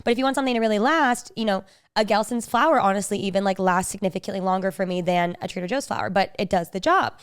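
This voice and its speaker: A woman's voice: medium pitch, quick pace, clear, resonant tone. A woman co-hosting a podcast, telling a story in casual chat and acting out what people said. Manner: chatty storyteller, acts out quotes in animated voices. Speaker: podcast co-host.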